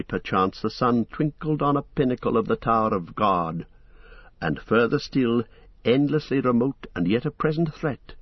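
A man narrating an audiobook in a steady, measured storytelling manner with a husky voice. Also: medium pitch, dry recording, highs cut off.

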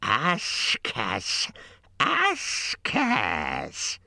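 A slimy little cave creature hisses and drawls in a bright, sharp, grating voice. Each word is stretched out slowly, swooping wildly up and down. The recording is close and dry. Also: male voice, medium pitch, huge pitch swings, no echo, voice pushed up, full character voice. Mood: wheedling. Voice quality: hissing, gravelly. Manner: drawn-out, sing-song wheedling with sudden squeals. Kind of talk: audiobook character voice.

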